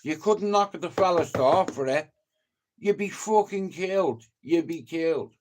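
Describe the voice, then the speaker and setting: A middle-aged Dubliner tells rambling, profane anecdotes to a live stream audience, peppering them with "you know." His voice is a little high and his pace measured, with a faint hiss or hum on the recording.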